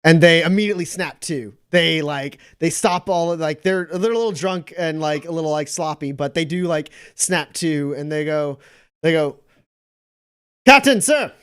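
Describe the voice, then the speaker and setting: A man's voice: fairly high pitch, moderate pace, few pauses, clear, resonant tone, dry recording, clean studio sound. A man narrating as game master of a tabletop game, rambling with many fillers and restarts.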